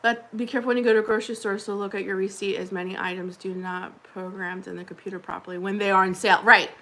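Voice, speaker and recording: A woman's voice: medium pitch, flat delivery, fast talker, bright, forceful tone. A woman hosting a casual livestream, chatting with viewers in a rambling way and laughing often. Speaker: livestream host.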